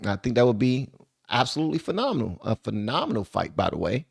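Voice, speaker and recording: A man hosts a reaction video in a relaxed, chatty way, his voice sitting at an ordinary middle pitch. He jokes around and throws in slang as he comments, speaking close to a desk microphone. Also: fast, creaky, husky, dry recording. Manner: animated, joking, slangy. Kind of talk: casual commentary. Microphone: desk microphone on a stand.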